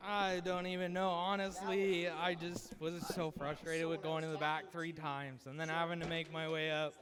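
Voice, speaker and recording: A man race driver speaking haltingly and emotionally after a race. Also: a little high, little pitch movement, crowd noise.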